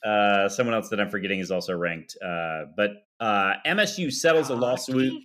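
A man's voice: lowish voice, animated, moderate pace, fairly bright tone. A man co-hosting a casual sports podcast, rambling through the news with jokes and fillers. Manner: rambling, jokey. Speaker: podcast co-host.

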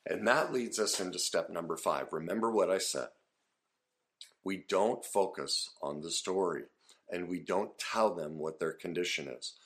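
A man's voice: low voice, a little slow, fairly bright tone. A man giving an earnest, conversational lesson on listening, with casual fillers and restarts. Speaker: instructor teaching listening skills. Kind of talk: casual instructional talk to camera.

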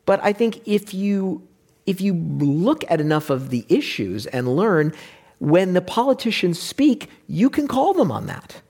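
A man talking in a casual discussion, animated and wry, who sometimes slips into mock voices to make a point. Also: high-pitched, measured pace, gravelly, slightly rough.

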